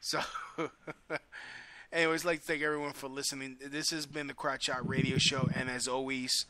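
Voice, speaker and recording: A man's voice: mid-range voice, level tone, normal speed, bright, forceful tone, slight background noise. A man hosting a casual call-in radio show, loose and self-mocking, swearing freely as he wraps up.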